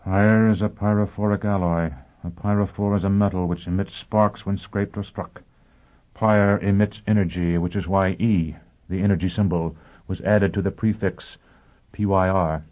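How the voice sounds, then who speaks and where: A man voicing a haughty older male tycoon who turns frantic and then drones in a monotone, in an audiobook reading. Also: low-pitched, normal speed, natural voice. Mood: droning. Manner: shifts from frantic to droning monotone. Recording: tinny phone-like audio.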